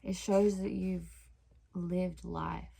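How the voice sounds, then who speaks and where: A young woman vlogging in a chatty, self-mocking way, full of "like" and quick asides. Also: fairly low pitch, flat delivery, vocal fry, mellow, husky. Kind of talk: casual vlog chat.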